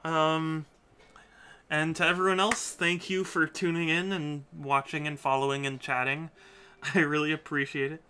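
A man's voice: fairly high pitch, little pitch movement, normal speed, pushed and bright, a little hiss or hum. A man chatting casually on a live stream while playing a game, often repeating himself and scolding himself. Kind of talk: casual live-stream chat over gameplay.

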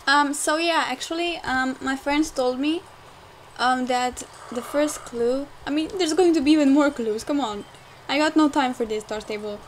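A young woman rambling through casual gameplay commentary, full of fillers and quick to get frustrated, recorded at home on a desktop mic. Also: high-pitched, a little hiss or hum, rough recording. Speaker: game let's player. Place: home room, car audible outside.

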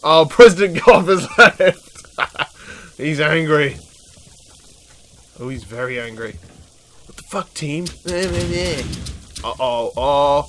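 A man giving chatty, excitable commentary over his own gameplay, often laughing and swearing. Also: a little high, slow pace, pauses often, a little hiss or hum. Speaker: gaming video host.

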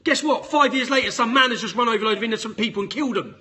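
A man speaks straight to camera in a blunt, indignant way. His voice sits high and sounds tense and forceful, with a husky grain to it. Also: very fast, few pauses. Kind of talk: direct-to-camera statement.

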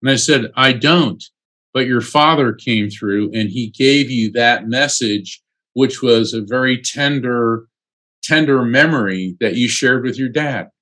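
A man's voice: medium pitch, unhurried. Chatty male psychic telling stories. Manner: animated, chatty, with frequent "um" fillers. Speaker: psychic medium and attorney, interview guest. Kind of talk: casual conversational storytelling.

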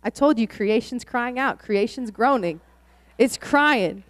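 Young woman pastor preaching, kinda high voice, gets excited, dry close sound. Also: measured pace, dry recording. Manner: excitable, rising to exclaiming. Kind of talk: sermon with testimony.

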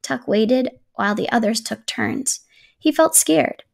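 Woman, children's storybook read-aloud, gentle, slightly high, vocal fry. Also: expressive, measured pace. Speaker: children's book reader.

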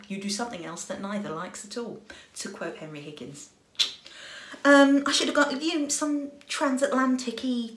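An English woman talking casually to camera, chatty and rambling, with a self-mocking sense of humor and quick asides. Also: mid-range voice. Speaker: singer and vlogger. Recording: roomy echo.

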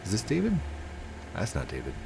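Man, gaming commentary, chatty, deeper voice, very lively pitch. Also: brisk, gravelly, slight background noise. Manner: chatty, excitable, talks to other players. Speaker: gaming YouTuber. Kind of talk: live gameplay commentary.

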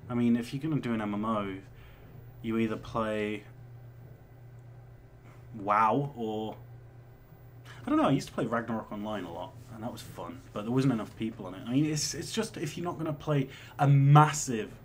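A young man in his twenties talks loosely through viewer questions, rambling from one thought to the next with a mid-pitched voice. A faint hiss sits under the recording. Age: 20s. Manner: rambling and chatty, with swearing and laughs. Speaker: vlogger answering viewer questions. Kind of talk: casual chat.

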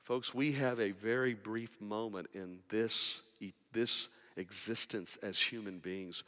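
A man pastor preaching a sermon, moving between quiet, intimate passages and raised, urgent appeals. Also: on the low side, steady tone, takes it slowly, hardly any pauses. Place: church sanctuary. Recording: long reverb of a large hall.

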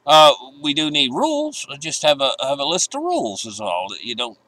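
A man talking through the markets in a loose, rambling way, getting worked up and opinionated as he goes. His voice sits a bit high and swings widely in pitch. The recording is dry and close, with no room sound. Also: huge pitch swings, normal speed, bright, forceful tone, no echo, low-quality recording. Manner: rambling, opinionated, emphatic bursts. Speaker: market commentary vlogger. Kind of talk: casual market commentary.

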